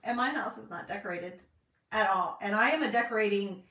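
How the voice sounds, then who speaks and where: Speaking at a fairly quick clip in a medium, slightly bright voice, this Southern-accented craft vlogger and independent designer from North Carolina is middle-aged and livestreaming from her home craft room. Her casual chatter is full of fillers and folksy asides, and the echoey room leaves her sounding somewhat far off.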